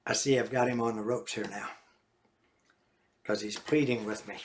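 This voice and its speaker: A man's voice: medium pitch, moderate pace. Folksy older man reading his memoir. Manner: folksy, animated storytelling. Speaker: author.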